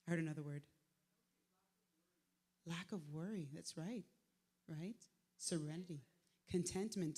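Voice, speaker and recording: A speaker in their forties, giving a live inspirational talk in animated storytelling mode. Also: medium pitch, big-room sound. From Montreal, Canada. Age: 40s. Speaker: speaker at a faith event. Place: large venue, live on stage.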